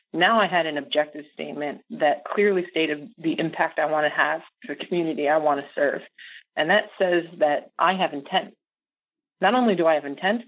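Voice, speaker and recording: A middle-aged American woman telling a story as a podcast guest, animated and laughing often. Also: low voice. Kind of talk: casual storytelling interview. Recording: phone-like audio.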